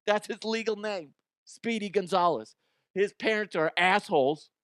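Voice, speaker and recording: A man hosting a comedy news show, ranting crudely and mocking the stories, with quick jumps into silly voices. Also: sits high, fairly bright tone, smooth, no echo, studio quality. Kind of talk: profane comedic news commentary.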